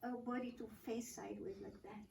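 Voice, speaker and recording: A woman's voice: on the high side, steady tone, a little fast, creaky, darkish tone, slight background noise. A woman co-teaching a children's yoga class, explaining each pose step by step in a patient, matter-of-fact way. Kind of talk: demonstrating poses step by step. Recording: echoey room, mic at a distance.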